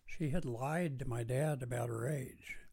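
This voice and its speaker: A man co-hosting a recovery podcast, telling relaxed family anecdotes in a casual chat. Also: mid-range voice, a little slow, slightly rough. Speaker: podcast co-host.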